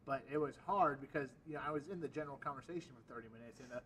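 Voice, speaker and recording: A man co-hosting a casual chat, talking quickly and using lots of filler words. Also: medium pitch, a bit bright, recorded from a distance, slight background noise, low-quality recording. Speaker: co-host.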